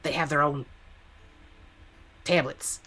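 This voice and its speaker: Lady gm narrating a tabletop game, low voice, kinda halting and chill. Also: breathy edge. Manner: relaxed, hesitant narration. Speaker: game master.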